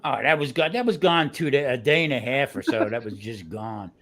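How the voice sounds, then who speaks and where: A man with a New Jersey accent, telling stories in a casual chat, animated and full of restarts. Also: medium pitch, fairly quick. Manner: animated storyteller, restarts often. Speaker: guest cook on a grilling livestream.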